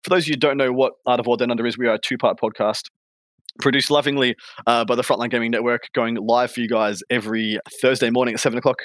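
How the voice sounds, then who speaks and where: Laughing Australian podcast host, dry sound. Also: male voice, mid-range voice, fairly even intonation, fast talker, a bit bright, no echo. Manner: laughing, rambling with restarts. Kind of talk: casual chat.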